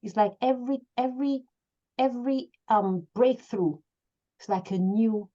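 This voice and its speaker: A woman coach giving an emphatic motivational talk to an online group, building up to near-shouting. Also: on the high side, a little slow, dull audio. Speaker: coach hosting a live session.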